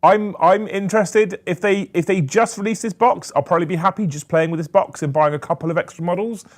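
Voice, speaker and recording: A man co-hosting a casual podcast chat, animated and swearing freely, laughing often. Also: high voice, fast. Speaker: co-host.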